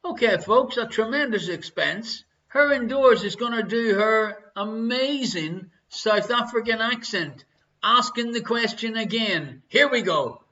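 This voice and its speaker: A man's voice: high voice, animated, unhurried, sharp tone. An Irish man hosting a live online quiz show from home, jokey and chatty, reading each question twice and bantering with his partner. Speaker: quiz host. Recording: dull lo-fi stream audio.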